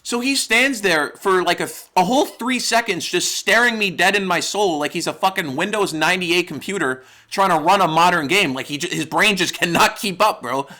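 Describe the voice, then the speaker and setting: A man's voice: sits high, moderate pace, few pauses, bright, forceful tone. A young man from New York narrating a comedic storytime with profane, exaggerated, rambling humor. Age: young adult. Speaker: YouTuber.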